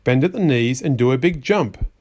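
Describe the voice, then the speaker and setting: A man reading a rhyming storybook aloud, giving slow, measured spell instructions. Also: mid-range voice, expressive, a little mellow, husky. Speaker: storybook reader.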